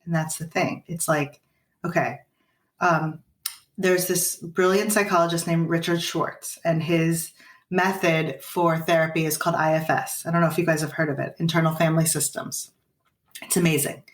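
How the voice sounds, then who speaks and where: On a podcast, a woman coaches parents, explaining things earnestly and acting out what a parent and child might say to each other. Her voice is deep and steady, and she talks at a normal speed. The recording sounds roomy, as if she's far from the mic.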